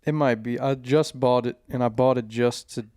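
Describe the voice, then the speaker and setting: A man's voice: medium pitch, fairly even intonation, normal speed, a little mellow, no echo, clean studio sound. A young man hosting a podcast, talking in a laid-back, casual way and swearing freely. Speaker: podcast host. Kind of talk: casual chat.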